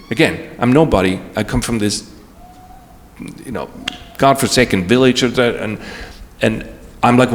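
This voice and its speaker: A man's voice: medium pitch, measured pace, long pauses. A man giving a talk as guest speaker, telling a personal story with emotion and frequent restarts. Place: large event hall. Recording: long hall reverb.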